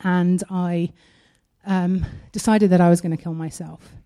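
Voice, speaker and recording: Woman, church testimony, earnest, halting, mellow warm voice. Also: fairly low pitch, flat delivery. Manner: earnest and halting, with frequent pauses. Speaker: church member sharing a testimony. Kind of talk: personal testimony, partly read aloud.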